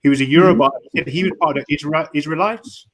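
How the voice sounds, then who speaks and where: A man calling in for casual chat, halting and often repeating words while he searches for them. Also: on the high side, fairly bright tone, rough recording. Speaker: caller.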